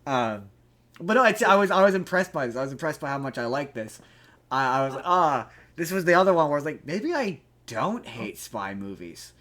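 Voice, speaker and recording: A man's voice: on the high side, lively intonation, fast talker, bright, forceful tone. A man hosting a podcast, chatting casually about a movie, rambling with many restarts and frequent swearing. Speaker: podcast host. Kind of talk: casual movie review chat.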